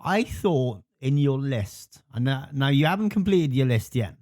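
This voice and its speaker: Casting: male podcast host, laughs a lot, lively up-and-down delivery, loose and chatty. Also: mid-range voice, a little slow. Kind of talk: casual chat.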